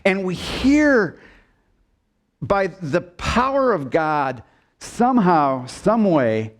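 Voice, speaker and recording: A man preaching a sermon in a church sanctuary, his fairly high voice swinging widely as he stresses his points. He speaks slowly and deliberately, stopping to put questions to the congregation and inviting them to answer aloud. At key moments he drops to a low, quiet delivery. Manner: asks the congregation questions and prompts call-and-response; expressive preaching, dips low and soft for emphasis. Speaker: pastor.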